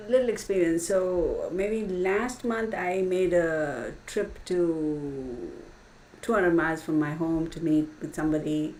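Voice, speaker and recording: A channel host with a low-sitting voice chats through a casual livestream, telling stories, laughing often and saying "y'all." She's recorded from a distance, off-mic, in an echoey room with faint hiss.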